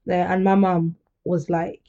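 Gravelly, mellow woman podcaster. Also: fairly low pitch, flat delivery, unhurried, lo-fi sound. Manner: chatty and candid, laughs often, turns emotional. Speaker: podcast host. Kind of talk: casual solo podcast monologue.

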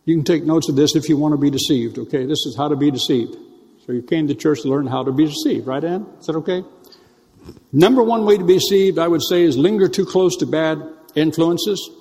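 A man's voice: on the high side, brisk, darkish tone, in a large hall. A man preaching a sermon in a church, talking conversationally with teasing asides and stretching key words for emphasis. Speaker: pastor.

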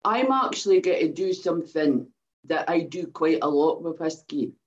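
A Scottish woman tasting whisky on a casual show, talking in a measured, hesitant way. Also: sits low, animated, highs cut off. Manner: measured and hesitant, with many restarts. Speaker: co-host and taster.

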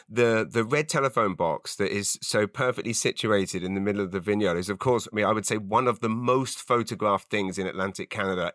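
Bright, dry-sounding podcast host. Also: male voice, fairly low pitch, dry recording. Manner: enthusiastic, repeats words, laughs often. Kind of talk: interview questions.

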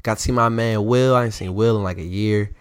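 A man's voice: lowish voice, steady tone, fairly quick, clean tone, no room sound, clean studio sound. A young man from the DMV area co-hosting a casual chat, telling stories and acting out quotes in raised voices. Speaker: podcast co-host.

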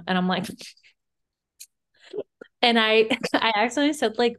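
A woman's voice: mid-range voice, normal speed, pauses often. A young woman from Virginia with a light Southern accent, co-hosting a casual podcast chat, laughing often and filling her talk with "like". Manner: chatty, laughs often, says "like" a lot. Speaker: podcast co-host.

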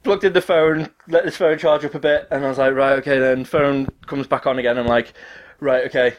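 A man telling a story in a lively voice, swearing as he goes. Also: medium pitch, brisk, a little hiss or hum. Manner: animated, swears often, acts out quoted dialogue. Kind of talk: casual storytelling chat.

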